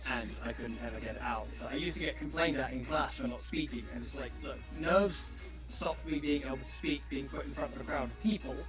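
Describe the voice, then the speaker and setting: A man's voice: mid-range voice, fairly quick. A man from southeast England with an English accent, chatting casually in a carefully enunciated, slightly pompous way. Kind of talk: casual chat on a stream. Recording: music playing behind.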